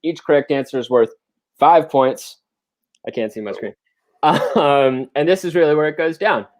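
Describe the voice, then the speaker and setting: A man hosting a casual online quiz show over a video call, running the rounds with jokes and quick banter. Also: on the high side. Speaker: game show host.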